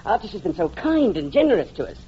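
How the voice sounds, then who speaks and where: A man's voice: high voice, big pitch swings, fast talker, mellow, slightly rough, heavily acted. A man playing fussy, stammering Mr Collins. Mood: flustered. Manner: fretful, stammering, fawning. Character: fussy flustered male clergyman cousin. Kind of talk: radio play acting. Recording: dull lo-fi sound.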